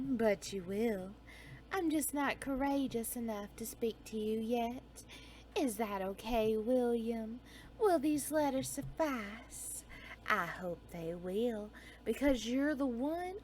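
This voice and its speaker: A woman reading a dark romance story aloud, with a slow, soft, dreamy delivery that sometimes drops into whispers. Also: a little high, a little hiss or hum.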